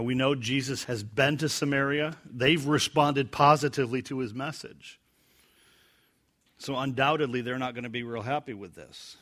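A man preaching verse by verse from the Bible, acting out quoted lines loudly and dropping to a quiet, low voice when he explains them. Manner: animated, acts out quoted lines with rising pitch and volume.

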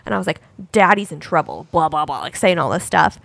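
A woman's voice: low-pitched, fairly quick, creaky, dry recording. A woman in her thirties co-hosting a casual chat among moms, telling stories and acting out her children's voices. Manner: animated storyteller, acts out her kids' voices. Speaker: podcast co-host.

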